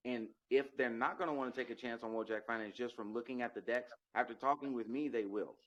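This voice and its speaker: A man's voice: medium pitch, quick pace, a bit bright. Cocky crypto promoter, male, pushy sales energy, muffled call audio. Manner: boastful, salesy, emphatic.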